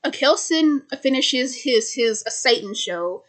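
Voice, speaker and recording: A woman's voice: high voice, animated, measured pace. Stuttering woman casually recapping a film. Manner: stutters, repeats words, many fillers. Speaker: video host retelling a film.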